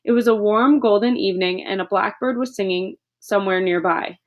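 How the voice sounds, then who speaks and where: A woman narrating a children's book aloud in a steady storytelling voice. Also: mid-range voice, brisk, highs cut off. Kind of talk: audiobook reading.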